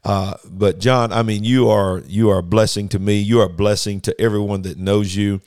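Smooth-voiced enthusiastic male host. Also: lowish voice, fairly even intonation, normal speed, a little mellow, no room sound, clean studio sound. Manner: enthusiastic, affirming. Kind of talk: interview.

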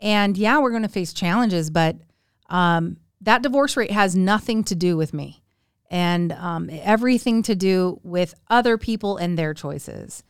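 Animated storytelling woman, smooth voice. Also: a little slow, dry recording, clean studio sound. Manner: animated, acts out quoted voices with big pitch jumps. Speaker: podcast guest. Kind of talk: casual storytelling.

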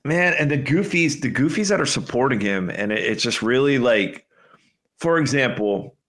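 A man's voice: medium pitch, lively intonation, normal speed, fairly bright tone. A man hosting a podcast, rambling and exasperated in casual chat. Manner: rambling, exasperated, full of fillers. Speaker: podcast host.

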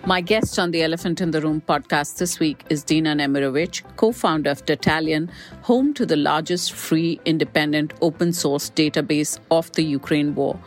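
A woman with a very low voice reads a formal guest introduction at a measured pace. Faint music sits under her voice. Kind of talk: scripted introduction.

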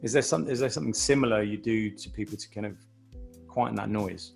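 Gravelly low-voiced male interviewer. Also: fast, darkish tone, soft background music. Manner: rambling questions with restarts. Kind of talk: conversational interview.

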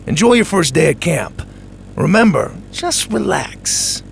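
A man's voice: fairly high pitch, big pitch swings, unhurried, creaky, a little hiss or hum, voice pushed up, exaggerated voice. A man voicing a laid-back camp janitor who teases a new kid and jokes about it. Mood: teasing.

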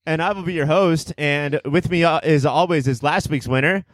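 A man's voice: fairly high pitch, moderate pace, dry recording, clean studio sound. A man hosting a casual movie podcast, boisterous and theatrical, swearing freely as he riffs. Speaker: podcast host.

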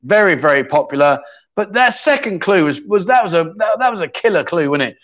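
A man runs a quiz on his casual livestream, ribbing the people in the chat. His voice sits on the high side and leaps about with lively swings. The sound is dull and lo-fi, as from a streaming setup. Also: fairly quick. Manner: cheeky banter with viewers in chat. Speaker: livestream chat show host.

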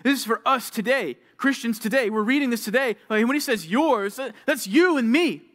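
A young man with a fairly high voice preaches to a junior high group. He tells stories and acts out little scenes as he goes, jumping from loud calls to near whispers. The style is a lively youth sermon. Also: normal speed. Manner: animated storytelling, acting out little scenes with swings from loud to hushed. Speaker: youth pastor.

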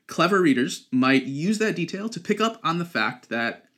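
A man's voice: fairly high pitch, sing-song, normal speed, pushed and bright. Young adult male podcast host. Casual, talky explainer. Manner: chatty, lots of ums and likes.

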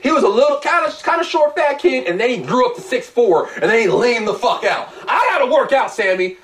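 A man's voice: extremely high pitch, a little fast. A young man telling profane, jokey stories in casual group banter as a podcast host. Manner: animated, profane, jokey storytelling. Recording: distant mic with faint noise.

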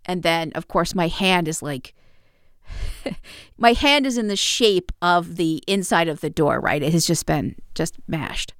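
A woman with a fairly low, smooth, resonant voice recounts her own mishaps in a calm, wry way. The sound is dry and close, with no room around it. She drops in small self-deprecating laughs. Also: unhurried, no room sound. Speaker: podcast host. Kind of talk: casual personal storytelling.

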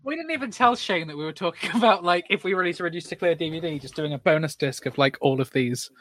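A man's voice: on the high side, animated, fast talker, fairly bright tone. A man co-hosting a podcast, talking in a playful, teasing way. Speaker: podcast co-host. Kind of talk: improvised comedy sketch and casual chat.

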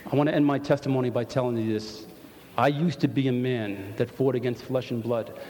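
An older man with a New York accent gives an earnest testimony to his congregation, telling his story with many restarts. His mid-range voice is steady and warm, a little fast, and the recording carries long church-hall reverb plus slight background noise.

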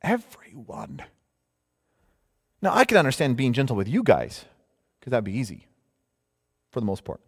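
A man preaching a sermon in an animated, conversational way, sometimes mocking the voices of others. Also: mid-range voice, a little fast, long pauses, slightly rough. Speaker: pastor. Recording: long hall reverb.

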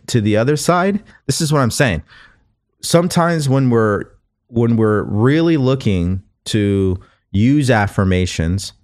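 A man with a fairly low voice speaks as a motivational coach on his own show. He talks in an earnest, conversational way, often circling back and restarting phrases to press his point. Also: darkish tone. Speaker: podcast host and coach. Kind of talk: motivational monologue.

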